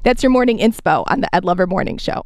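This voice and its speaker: A woman's voice: medium pitch, lively intonation, quick pace, darkish tone, a little hiss or hum. A woman co-hosting a morning radio show, chatty and emotional as she shares an inspirational story. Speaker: radio co-host.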